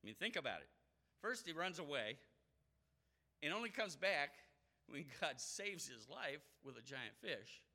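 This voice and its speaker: Animated bright-voiced man preaching. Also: on the high side, a little slow. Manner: animated, acts out quoted voices. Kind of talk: sermon.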